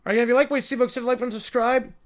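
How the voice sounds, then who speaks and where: A man hosting a livestream in casual chat. He talks in a quick, offhand, opinionated way. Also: very high voice, fairly even intonation. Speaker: livestream host.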